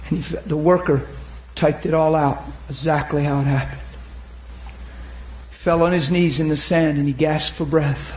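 A man preaching an impassioned sermon, shouting at times and then dropping to a hushed retelling, urging the crowd on. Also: a little high, steady tone, moderate pace, reverberant. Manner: urges the crowd with repeated calls of "come on".

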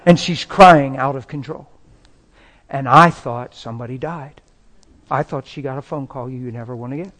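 A man's voice: medium pitch, normal speed, a bit bright. A man preaching a personal testimony in a dramatic, emotional storytelling manner.

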